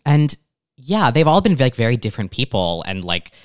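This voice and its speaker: A young adult speaks in relaxed, halting conversation, peppering almost every phrase with "like". The voice is smooth and clear, at a middle pitch. The sound is close and dry, with no room around it. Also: no room sound. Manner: halting, full of "like" fillers. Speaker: podcast guest. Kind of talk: casual chat.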